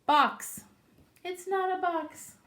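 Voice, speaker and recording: A woman voicing a stubborn, imaginative little boy rabbit in a storybook, insisting in slow, drawn-out words. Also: very high voice, steady tone, bright, forceful tone, reverberant, slight background noise, voice pushed up, heavily acted. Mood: insistent.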